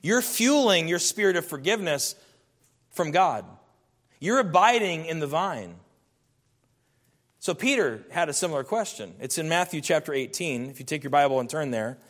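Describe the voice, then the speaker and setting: Pastor guy preaching, kinda high voice, earnest and punchy, echoey church hall. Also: expressive, normal speed, a bit bright. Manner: earnest, emphatic preaching with rising bursts. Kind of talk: sermon.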